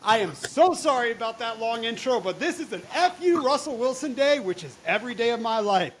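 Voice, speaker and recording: A young man hosting a casual fantasy football podcast, loud, excitable and profane. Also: extremely high pitch, a little fast, slight background noise. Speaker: podcast host.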